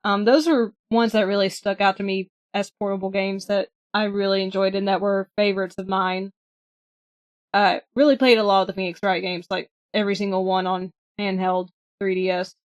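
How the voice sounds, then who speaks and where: A woman's voice: mid-range voice, little pitch movement, normal speed, highs cut off. A young woman co-hosting a casual podcast chat, cheerful and enthusiastic. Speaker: podcast co-host.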